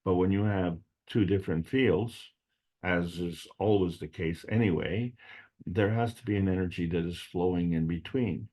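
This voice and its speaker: A man presenting at an online meeting, speaking slowly in a rambling way with frequent fillers and restarts. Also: low-pitched, dark tone. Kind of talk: unscripted spiritual science talk.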